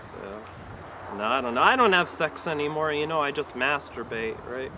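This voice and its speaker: A man doing a stand-up comedy set in an awkward, hesitant, deadpan way, with lots of fillers. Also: a little high, moderate pace, background noise. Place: live comedy venue.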